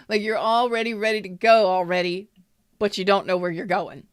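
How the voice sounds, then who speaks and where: A woman's voice: mid-range voice, fairly even intonation, normal speed, smooth, no echo, studio quality. A woman giving a casual live-streamed tarot reading, talking bluntly, swearing now and then and greeting viewers by name. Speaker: tarot reader.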